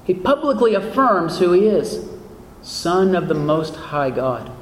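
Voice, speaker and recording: Male pastor, high voice, earnest sermon delivery, rhetorical questions, long hall reverb. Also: big pitch swings, unhurried, a little hiss or hum. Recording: echoey hall with faint ambience.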